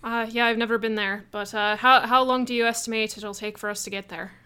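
A woman's voice: fairly high pitch, little pitch movement, fairly quick, bright, forceful tone, clear, resonant tone. A woman playing a tabletop game, talking hesitantly with many fillers. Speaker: player.

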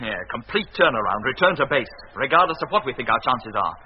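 A steady, commanding spaceship captain in a 1950s radio play, his brisk orders coming fast and a little husky. The sound is muffled, like an old broadcast. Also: mid-range voice. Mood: firm. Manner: brisk, firm, clipped radio calls. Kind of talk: 1950s radio drama acting.

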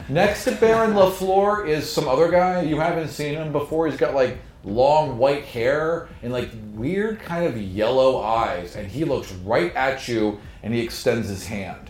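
A man running a tabletop game as game master, narrating and calling for rolls with quick, relaxed asides. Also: mid-range voice. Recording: roomy with music behind.

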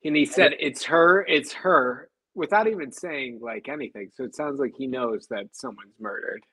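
A man co-hosting a casual podcast, halting as he searches for words. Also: medium pitch, animated, fairly bright tone, slightly rough, no room sound, poor audio. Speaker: podcast co-host. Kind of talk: casual chat.

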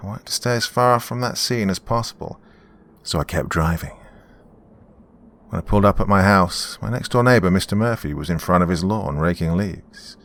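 Man, very low voice, measured grim horror narration, first-person story. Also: a bit bright.

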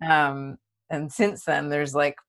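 A woman's voice: low-pitched, level tone, takes it slowly. A woman guest on a casual podcast interview, talking with laughter and gushing praise. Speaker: guest actor.

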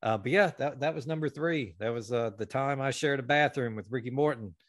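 Man, podcast host, profane storyteller, animated, dry close sound. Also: medium pitch, brisk, dry recording. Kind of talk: casual storytelling chat.

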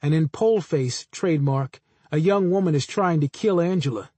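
A man reading first-person literary fiction aloud in a measured, understated way. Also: fairly high pitch, mellow, breathy edge, dry recording. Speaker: audiobook narrator.

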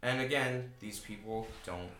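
A man's voice: on the low side, unhurried, fairly bright tone, roomy sound. A man co-hosting a podcast in casual chat, blunt and swearing, often repeating himself. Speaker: podcast co-host.

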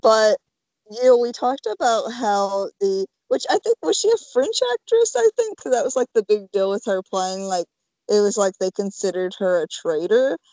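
A chatty woman rambling through a casual podcast conversation about films. Her voice sits at an ordinary middle pitch. It is recorded close and dry, with no room sound. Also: expressive, normal speed, dark tone, no room sound, dull audio. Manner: chatty, rambling, full of "like" and "you know". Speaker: podcast co-host. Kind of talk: casual film-discussion podcast chat.

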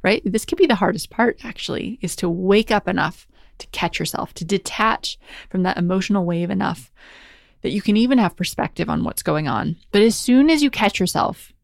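A woman speaks in a calm, reflective mindfulness talk, drawing out key words and checking in with the listener. Her mid-pitched voice carries a light vocal fry. The sound is close and dry, with no room around it. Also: no echo. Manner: gentle, reflective, slow and drawn-out on key words, frequent "right?".

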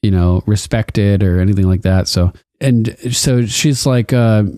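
A man's voice: fairly low pitch, a little slow, dark tone, dry recording, clean studio sound. A man in a casual chat, animatedly retelling a TV episode, laughing often and acting out the quotes. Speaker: podcast co-host recapping a TV episode.

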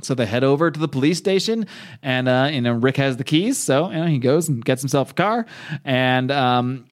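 A man's voice: medium pitch, expressive, moderate pace. Guy chatting through a tv episode recap, lots of ums and restarts, jumps into the characters' lines now and then. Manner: rambling, acts out characters' lines, frequent fillers and restarts. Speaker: show recapper.

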